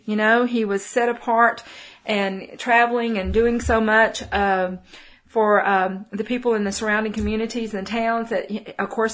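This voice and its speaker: Woman, Texan accent, middle-aged, Bible teacher, folksy, rambling fillers, mid pitch. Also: fairly bright tone. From Texas. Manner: folksy, many fillers and restarts. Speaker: preacher.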